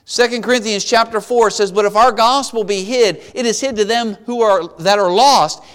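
A man preaching a sermon, retelling a Bible story with lively acted-out voices. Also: high-pitched, normal speed, clear, resonant tone, in a large hall. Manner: animated storytelling, acting out voices of biblical figures.

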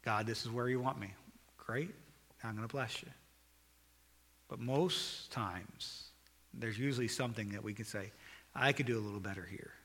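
Male pastor, sermon delivery, urgent to hushed and earnest, ringing voice in a big reverberant room. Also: lowish voice, moderate pace, pauses often. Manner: preaching, swings from loud urgent calls to quiet earnest appeal.

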